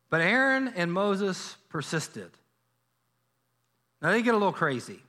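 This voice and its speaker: A male pastor preaching a sermon in a church, telling a Bible story in a lively way and acting out the characters' lines. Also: high-pitched, unhurried, pauses often. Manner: animated storytelling, acts out biblical dialogue. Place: church sanctuary.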